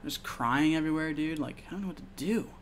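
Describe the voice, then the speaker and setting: This young let's play gamer talks fast in a slightly high voice, riffing casually on the horror game in front of him. Heavy swearing, excitable jumpiness, and startled yelps fill the clip, which has slight background noise.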